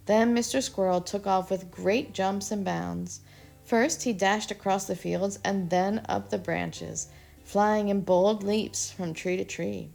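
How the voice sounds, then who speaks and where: A woman host reading a children's story aloud with expressive storybook delivery. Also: medium pitch, measured pace, gravelly, faint music behind. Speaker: storyteller, homeschool channel host. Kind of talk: children's read-aloud narration.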